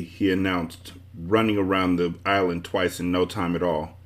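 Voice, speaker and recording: A man hosting a book club podcast, reading a children's book aloud with expressive storytelling. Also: low-pitched, normal speed, few pauses. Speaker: book club host and reader.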